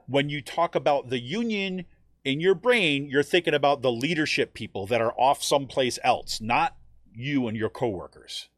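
A man who is a teacher and union member explains things conversationally, often checking in with "right?" and quoting in an animated way. His voice is medium-pitched at a normal speed, recorded with clean studio sound and no echo.

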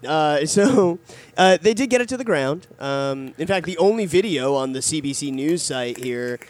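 A man's voice: on the high side, animated, normal speed, dry recording. A man in casual podcast chat, reading out a news story with laughs and asides. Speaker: podcast co-host.

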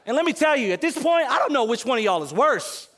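A man preaching a sermon to a congregation, animated, moving between loud emphatic calls and quiet asides. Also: very high-pitched, quick pace. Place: church service in front of a congregation.

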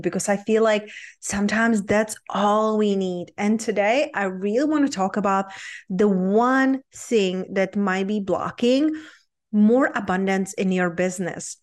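A woman with a Czech accent hosting her own podcast as a business coach, talking in an upbeat, earnest, motivational way. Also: mid-range voice. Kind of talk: solo podcast talk.

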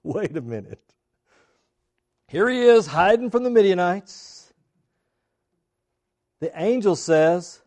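Animated male preacher, lively pitch. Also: slow pace, pauses often. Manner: animated, acts out quoted voices with big swings in pitch and loudness. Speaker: pastor. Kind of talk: sermon.

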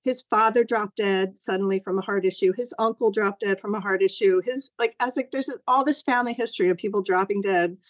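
A middle-aged woman recounts a personal story over a video call. She talks in a loose, animated way, and her voice jumps higher whenever she acts out something she once said. The sound is dry and close, with no room echo. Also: brisk, few pauses. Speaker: guest sharing a personal story.

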